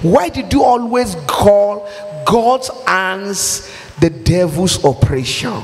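A Nigerian man preaching an impassioned sermon, firing off rhetorical questions and shouting his points. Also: high voice, lively intonation, slow pace, faint music behind. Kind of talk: fiery sermon. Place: church hall. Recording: long hall reverb.

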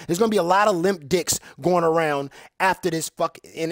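A man's voice: on the high side, fast, few pauses, no room sound, studio quality. A man streaming gameplay, trash-talking crudely and boastfully, repeating his taunts. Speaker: gaming streamer. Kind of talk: profane trash talk over gameplay.

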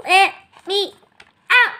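A woman's voice: drawn-out words, pushed and bright, heavily acted. Woman doing a tiny grumbling elephant. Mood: pleading. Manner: grumbling, squeaky. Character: tiny grumpy female elephant.

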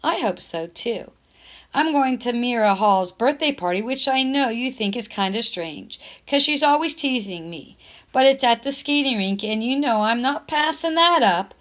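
A woman's voice: on the high side, expressive, normal speed, a bit bright. A woman voicing a loyal, chatty young girl writing to her best friend, reading the letter in an earnest, friendly tone. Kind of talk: reading a letter aloud from a novel.

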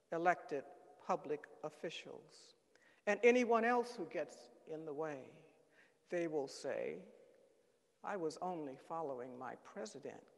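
A man giving a solemn, dramatic reading at a church service. He speaks gravely and deliberately and leans on key words. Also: sits high. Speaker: reader at a Good Friday service. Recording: long church reverb.

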